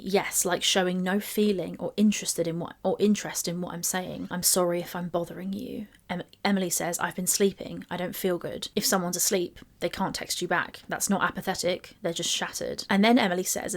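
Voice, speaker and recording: A woman's voice: on the low side, steady tone, fairly quick, few pauses. A woman giving commentary on text messages, reading them aloud and picking them apart. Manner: reads screenshots aloud and picks them apart. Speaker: commentary YouTuber.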